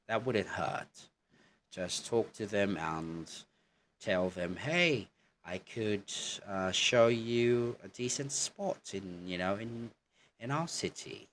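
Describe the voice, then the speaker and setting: A man with a very low, deep voice gives an English lesson at an unhurried pace. He is encouraging and chatty and peppers his talk with "okay" and "you know". A faint hum sits behind him. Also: a bit bright. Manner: encouraging, coaching tone. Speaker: English teacher. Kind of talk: online lesson.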